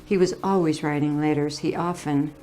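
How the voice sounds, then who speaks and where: Low-voiced woman in her eighties reminiscing. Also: steady tone, normal speed, warm tone, slight background noise. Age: 80s. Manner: fond, chatty, laughing. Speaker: family elder interviewee. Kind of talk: oral history reminiscence.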